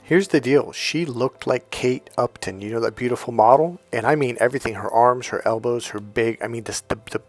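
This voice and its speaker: A man's voice: mid-range voice, brisk, hardly any pauses, faint music behind. Rambling middle-aged man, dating coach. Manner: rambling, retells dialogue in quotes. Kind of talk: casual monologue.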